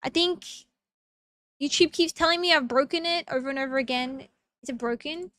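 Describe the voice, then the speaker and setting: Bubbly high-voiced woman streamer. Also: brisk, a bit bright, no room sound, clean studio sound. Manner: bubbly, giggly, greets chat members one by one. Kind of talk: casual live-stream chat.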